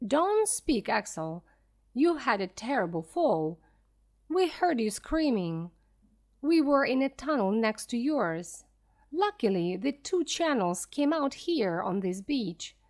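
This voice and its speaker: An eager old professor explorer, read aloud by a woman in a storybook reading. He explains things slowly and clearly, and his voice climbs high and swoops about. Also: big pitch swings, darkish tone, heavily acted. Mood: excited. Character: excited elderly male professor explorer.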